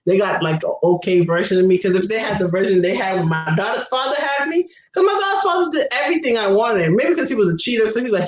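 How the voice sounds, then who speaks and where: A woman co-hosting a casual livestream chat, acting out quotes with expressive delivery and laughing while she talks. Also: on the high side, fast, reverberant, lo-fi sound. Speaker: livestream co-host.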